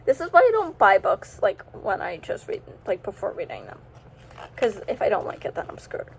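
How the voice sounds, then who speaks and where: A woman's voice: medium pitch, wildly swooping pitch, moderate pace, vocal fry, slight background noise, rough recording. A teenage girl chatting casually about her monthly reads in a vlog, giggly and scattered, breaking off mid-sentence. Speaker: book vlogger. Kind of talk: casual reading recap vlog.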